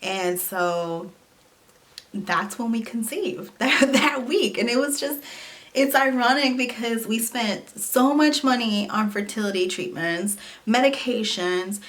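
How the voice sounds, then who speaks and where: A young woman telling a personal story to camera in a casual vlog, talking in an animated way with lots of "like" and "you know". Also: medium pitch. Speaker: vlogger.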